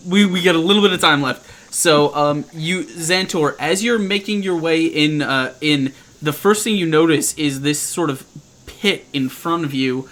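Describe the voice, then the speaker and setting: A man running a tabletop game as game master, describing scenes in a halting way with frequent restarts. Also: a little high, fairly bright tone.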